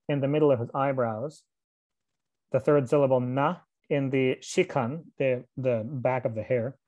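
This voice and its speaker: A man in a middle voice reads an old scripture in translation, carefully and steadily. He breaks off now and then to explain a term in a casual aside before going back to the text. His pitch sits at an ordinary level for a man. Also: darkish tone. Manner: measured reading with asides and occasional fillers. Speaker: reader and teacher of scripture.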